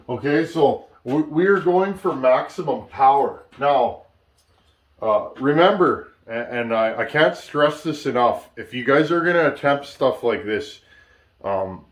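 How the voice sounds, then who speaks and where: A man hosting a casual workshop tutorial, thinking aloud as he works, restarting sentences and checking in with "okay?" often. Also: medium pitch. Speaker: chainsaw builder and channel host.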